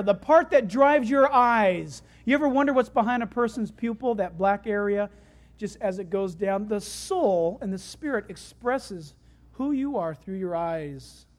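Delivering a sermon built around homely stories, this preacher talks in a conversational way with a medium-pitched voice. His delivery alternates between loud bursts of excitement and soft, hushed passages.

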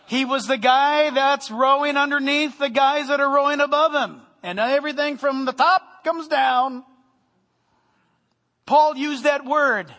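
Male pastor, high bright tone, humorous energetic sermon, long church-hall reverb. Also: a little slow. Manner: animated preaching with humor, sometimes loud. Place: church sanctuary.

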